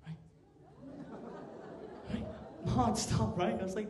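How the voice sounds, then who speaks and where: Teenage comic, echoey club. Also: male voice, high-pitched, expressive, moderate pace, pauses often, crowd noise, noisy background. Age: teens. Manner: chatty, keeps asking "right?", bursts loud for acted bits. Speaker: stand-up comedian. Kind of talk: stand-up comedy routine. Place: large comedy club stage. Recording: echoey live club room.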